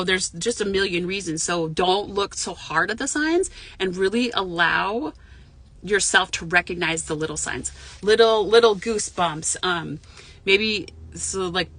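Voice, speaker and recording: Woman medium in her car, loose rambling delivery, salty language, a bright, slightly low voice. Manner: frank, profane, rambling with many fillers. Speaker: intuitive medium and spiritual mentor. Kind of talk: casual live chat to viewers. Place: parked car.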